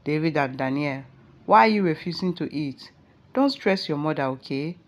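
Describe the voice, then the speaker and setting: Lady doing a caring nigerian husband, soft and fussing over his kids. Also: low voice, animated, normal speed. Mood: concerned. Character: worried caring young father and husband.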